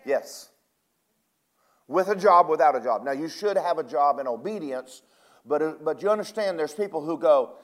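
A man preaching a sermon, retelling scripture in casual paraphrase, with emphatic loud bursts and quiet, drawn-out asides. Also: fairly high pitch, animated.

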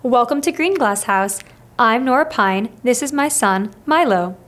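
A cheerful mother who runs an inn, friendly and a little teasing, as a woman narrator voices her. She greets people warmly in a storybook reading. The voice sits slightly high. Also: expressive, measured pace. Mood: welcoming.

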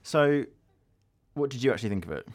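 A man's voice: medium pitch, expressive, brisk, no room sound, studio quality. A man co-hosting a podcast in a casual, chatty way, with lots of fillers. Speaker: podcast co-host. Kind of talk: casual chat.

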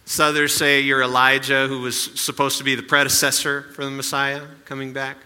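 A man's voice: mid-range voice, monotone, brisk, sharp tone, clean tone, big-room sound. A male pastor giving a sermon in a conversational way, with asides and rhetorical questions.

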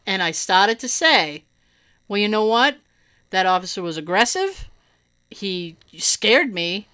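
Speaking at a normal pace in a clear, resonant mid-range voice, this woman recounts a story during a relaxed chat. Hearing loss in her right ear doesn't slow her down; she laughs a lot and performs the quotes of others with real animation.

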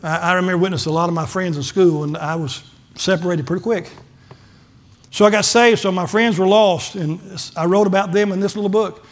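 A man's voice: high voice, fairly even intonation, brisk. A middle-aged man, a pastor giving a folksy testimony sermon and acting out the dialogue in his stories. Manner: folksy storytelling, acts out dialogue, gets emotional.

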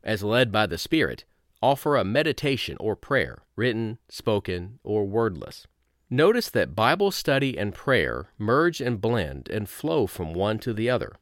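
Man, low voice, lively intonation, dry close sound, reflective devotional reading. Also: no echo. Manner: slow, reflective reading with measured pauses. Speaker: course narrator. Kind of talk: reading a devotional lesson aloud.

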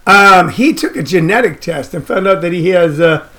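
High-voiced rambling male radio host. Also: moderate pace, fairly bright tone. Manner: loose, riffing, repeats phrases, frequent uh fillers. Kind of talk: rambling comedic radio rant.

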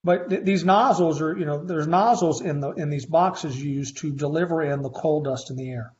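A man in his fifties, a faculty instructor telling stories in a conversational interview, with animated delivery and frequent restarts. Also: a little high, normal speed, slight background noise. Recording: slightly muffled lo-fi recording.

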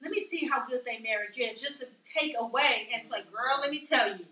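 Woman host, high bright voice, quick emphatic talk, echoey room a bit off mic. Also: recorded from a distance, a crowd in the background. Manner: fast, emphatic, talks over others. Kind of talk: casual chat.

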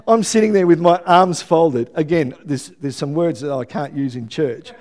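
Middle-aged Australian preacher, lively testimony-style sermon, acts out quotes, fairly high voice. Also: male voice, normal speed. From Melbourne, Australia. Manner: lively storytelling with acted-out quotes and asides.

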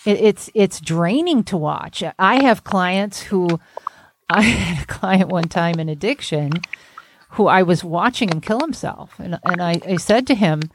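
Lower-voiced woman therapist, blunt and salty, talky podcast, hissy noisy mic. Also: lively intonation, a little slow. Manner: blunt, emphatic, salty storyteller. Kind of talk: candid podcast conversation.

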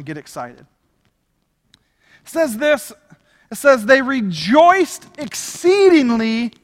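Brief: high-pitched male pastor, energetic casual sermon, big hall reverb. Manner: energetic, conversational preaching with casual slang.

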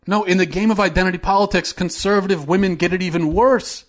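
A man delivers opinion commentary in a fairly high voice. He sounds sarcastic and mocking, and he grows heated and scornful as he argues. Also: fairly even intonation, fast. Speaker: host.

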